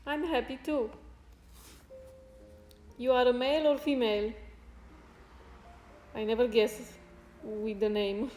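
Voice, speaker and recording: Slow, soft-spoken woman in an echoey room. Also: a little high, fairly even intonation. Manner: soft-spoken, halting, grateful. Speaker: fitness streamer. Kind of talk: casual live-stream chat with viewers. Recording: roomy echo with faint music.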